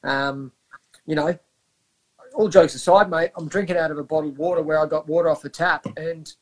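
On a podcast, a wellbeing coach from Australia, a man in his thirties, talks fairly quickly with a steady tone and a voice on the high side. He is earnest and reflective in this relaxed interview, often restarting and using fillers.

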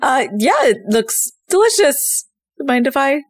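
High, playful woman at a tabletop game. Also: very animated, unhurried, no echo, studio quality. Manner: playful, giggly. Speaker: player.

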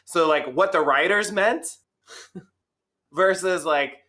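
Hesitant, bright-voiced man chatting. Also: high voice, takes it slowly. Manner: hesitant, full of 'like' and restarts. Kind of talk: casual podcast discussion.

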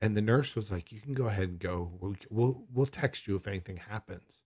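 A man's voice: fairly low pitch, a little fast, mellow, slightly rough. A man telling a personal story in a candid, rambling way, often questioning himself. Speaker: son recounting a hospital visit.

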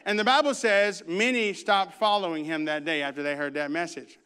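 A man preaching a sermon and reading scripture, emphatic, with loud bursts and hushed asides, and humorous conversational stories. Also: high-pitched, steady tone, brisk, clean tone. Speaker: pastor.

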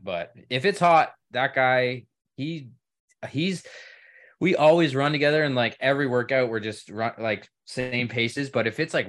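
Man, podcast co-host, laid-back, rambling, mid-pitched voice. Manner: relaxed, many fillers and restarts. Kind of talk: casual chat.

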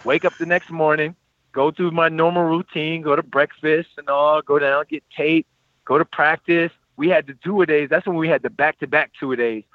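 A man in his thirties casually telling a personal story, animated and acting out what others said. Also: a little high, normal speed, dry recording, phone-quality sound. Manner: animated, quotes people in lively voices.

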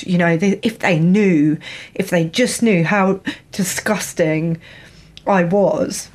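A woman hosting a casual podcast conversation, animated and quick to laugh. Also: on the low side. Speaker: podcast host.

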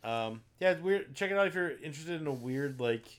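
A man's voice: fairly high pitch, lively intonation, brisk. A man co-hosting a casual podcast, retelling movie plots at length with many ums and likes. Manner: rambling, filler-heavy retelling. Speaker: podcast co-host. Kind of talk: casual chat about movies.

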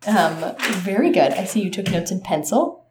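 Woman in her 30s cohosting a podcast, deadpan little jokes, echoey room, faint hiss behind. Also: mid-range voice, normal speed. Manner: dry, playful quips. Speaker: podcast co-host. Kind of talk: casual chat. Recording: roomy mic with faint hiss.

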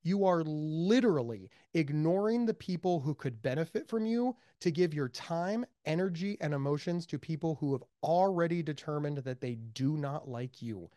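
An American man being interviewed as a mental health advocate, speaking emphatically and with high energy, repeating words for stress. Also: lively intonation, normal speed, few pauses, dark tone, no echo, clean studio sound. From United States. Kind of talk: animated interview talk.

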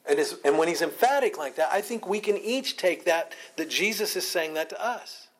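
Guy teaching a bible class, kinda husky, a bit higher voice, hits words hard and repeats them. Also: lively intonation, normal speed. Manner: emphatic, repeats phrases for weight. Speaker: Bible study leader.

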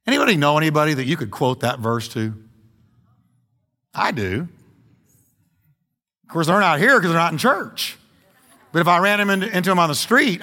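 A middle-aged male pastor delivers a sermon with a lively, swinging voice that climbs into emphatic questions. His tone sits a little higher than most men's. The sound carries a long reverb from the church hall. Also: moderate pace. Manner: animated preaching, rising to emphatic questions. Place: church sanctuary.

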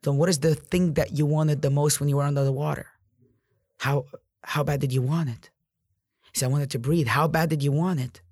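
A man's voice: fairly high pitch, fairly even intonation, a little fast, a little mellow, no echo, clean studio sound. A man in real estate giving an intense, profane motivational monologue, repeating himself for emphasis.

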